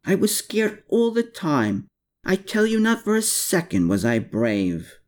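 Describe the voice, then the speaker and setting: Man doing young war veteran, earnest, pleading, lively pitch, audiobook character. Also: a little slow, heavily acted. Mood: haunted, earnest.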